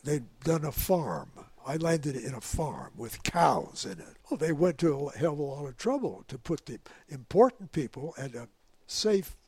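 Give me an older man recounting his flying days, dry close sound, a bit higher voice. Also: sing-song, moderate pace, darkish tone, husky, no room sound. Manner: acts out dialogue, repeats words. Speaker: wartime pilot interviewee. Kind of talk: animated storytelling.

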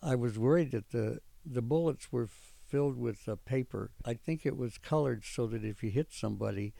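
Older man, gravelly, mellow, rambling recollection, many pauses, dry room. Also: medium pitch, dry recording. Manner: rambling storytelling with frequent pauses and fillers. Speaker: veteran interviewee. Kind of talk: oral history recollection.

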